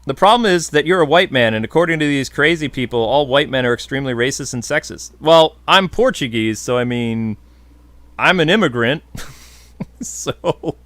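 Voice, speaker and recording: A man's voice: mid-range voice, expressive, normal speed, a bit bright, no room sound. A man hosting a podcast, casually answering viewer questions in a blunt, jokey, opinionated way. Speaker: podcast host.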